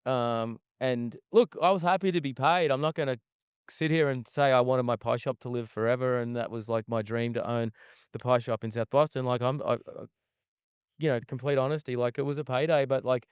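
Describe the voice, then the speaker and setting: Smooth-voiced man telling a profane story. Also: medium pitch, steady tone, fairly quick, dry recording, clean studio sound. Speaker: guest chef. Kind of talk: casual storytelling in an interview. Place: outdoor desert festival camp.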